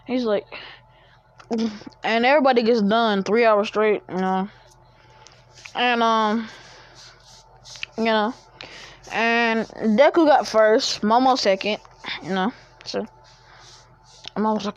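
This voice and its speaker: Woman vlogger with a slightly high voice, rambling storyteller, unhurried, on a muffled lo-fi mic. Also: lively intonation, fairly bright tone, no echo. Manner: rambling, full of fillers and restarts. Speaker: fan-fiction storyteller. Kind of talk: casual storytelling. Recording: dull lo-fi dry recording.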